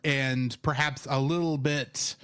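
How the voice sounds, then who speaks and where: A young man co-hosting a podcast in casual chat, animated and teasing, quick to correct his friend. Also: medium pitch, smooth. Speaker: podcast co-host.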